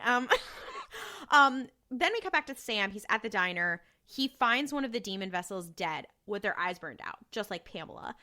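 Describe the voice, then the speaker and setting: Podcast lady with a bright sharp voice, casual and profane, acting out lines as she recaps. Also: medium pitch. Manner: profane, joking retelling with quoted voices. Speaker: podcast co-host.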